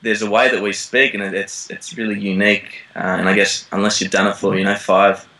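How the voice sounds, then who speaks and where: An Australian man, a young actor, chatting casually in an interview, relaxed and rambling with lots of ums. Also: lowish voice, a little fast, rough recording. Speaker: actor guest. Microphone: call line.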